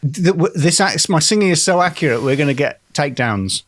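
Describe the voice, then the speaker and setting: Animated, playful male podcast co-host. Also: a little high, fairly quick. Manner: playful, breaks into mock singing. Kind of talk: comedic banter.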